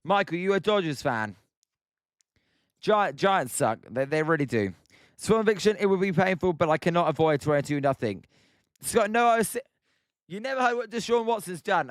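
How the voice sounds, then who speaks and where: British man, young, live play-by-play, chats with viewers, slightly high voice, dry sound. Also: lively intonation, normal speed, no echo. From Britain. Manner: chatty, reacts to viewer comments by name. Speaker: live stream host calling a baseball game. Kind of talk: live play-by-play commentary while reading chat.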